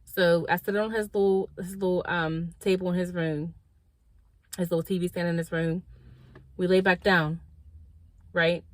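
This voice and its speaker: In a dry recording, a woman with a fairly low-pitched voice tells a storytime vlog about her own life. She's casual and slangy, acting out what people said with animated energy and talking straight to her viewers, calling them y'all.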